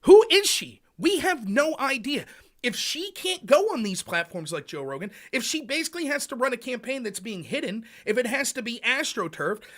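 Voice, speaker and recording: A man hosting a political livestream, with an animated, loose and casual delivery. His voice is bright and swings widely in pitch as he acts out quotes. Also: normal speed. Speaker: livestream host. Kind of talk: political talk.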